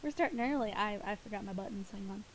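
A woman's voice: medium pitch, slight background noise. A woman live-streaming a game from home, chatting playfully and giggling, a little sniffly and groggy. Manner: playful and giggly, quick asides. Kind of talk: casual live-stream chat.

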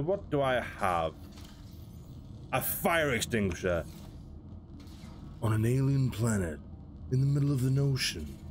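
Slow, lively gamer man. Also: on the low side. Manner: chatty, laughing, talks to creatures in the game. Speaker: gaming video host. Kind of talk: casual game commentary.

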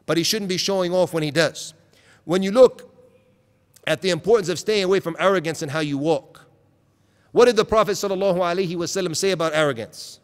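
A man's voice: high voice, brisk. Earnest preaching man in a reverberant hall. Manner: earnest, direct preaching with rhetorical questions; mixes in Arabic terms and recited verses. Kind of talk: Islamic lecture. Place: lecture hall at an event.

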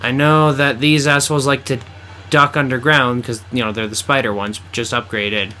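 A man's voice: medium pitch, fairly even intonation, normal speed, bright, forceful tone, a little hiss or hum. A man giving blunt, teasing commentary while playing through a video game with a friend. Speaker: game co-host. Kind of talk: let's play commentary.

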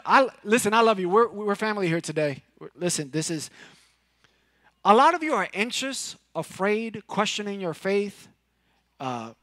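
High-voiced animated preacher from Puerto Rico. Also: male voice, no echo, clean studio sound. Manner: animated preaching, swings from loud to hushed. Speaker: pastor. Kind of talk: sermon. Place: church sanctuary.

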